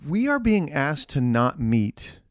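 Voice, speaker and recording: A man's voice: a little high, very animated, takes it slowly, dry recording, clean studio sound. A man co-hosting a church podcast in casual chat, earnest and ranting in bursts with frequent restarts.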